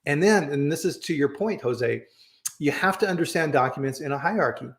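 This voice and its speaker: A man's voice: fairly high pitch, lively intonation, fairly quick, reverberant. A man hosting a casual chat, telling stories and often checking in with "right?". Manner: storytelling, says "right?" often. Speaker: host.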